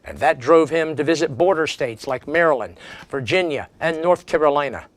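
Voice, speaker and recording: A man's voice: on the high side, animated, normal speed, no echo. A man giving a history lecture as a seminar speaker, telling it as a dramatic story with strong emphasis.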